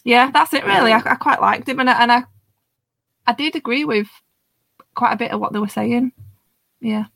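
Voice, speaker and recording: A woman chats casually about a film, restarting her sentences and laughing along. Her voice sits a little high. The recording is dry and close. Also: normal speed, creaky, a bit bright, dry recording. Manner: hesitant, chatty, laughs often. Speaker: panelist. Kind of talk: casual film review chat.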